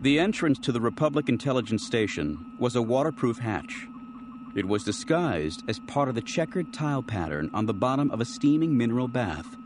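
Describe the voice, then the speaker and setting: A man narrating an audiobook in an expressive, dramatic reading style. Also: medium pitch, background noise. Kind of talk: scripted narration.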